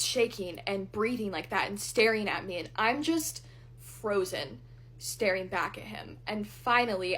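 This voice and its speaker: A young woman speaks in a storytime vlog, recounting events plainly and bluntly while getting ready. Her voice sits at a middling pitch for a woman, and her delivery is candid and unvarnished, with occasional swearing. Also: husky. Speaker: vlogger. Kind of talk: storytime while doing makeup.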